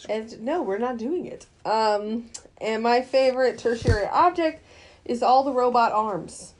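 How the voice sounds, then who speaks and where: A woman's voice: on the high side, a little slow, darkish tone. A woman co-hosting a casual movie review podcast, laughing often between her points. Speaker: podcast co-host.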